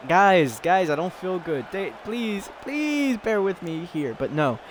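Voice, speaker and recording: A man casually commentating a fighting game, excitable and giggly, rambling between calls. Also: high voice, slow, a faint crowd, a little hiss or hum.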